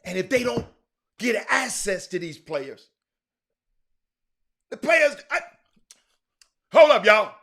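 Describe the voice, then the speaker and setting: A man's voice: high voice, big pitch swings, takes it slowly, pauses often, a bit bright. A man hosting a live-streamed sports talk show, ranting emphatically, repeating himself and calling out to his viewers. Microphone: streaming mic.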